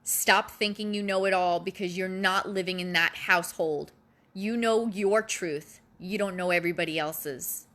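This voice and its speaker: A woman's voice: fairly low pitch, steady tone, moderate pace, a bit bright. A mother speaking earnestly and emotionally to other parents, pleading and repeating herself for emphasis, close to tears. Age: adult parent of a child. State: near tears. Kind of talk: emotional personal address.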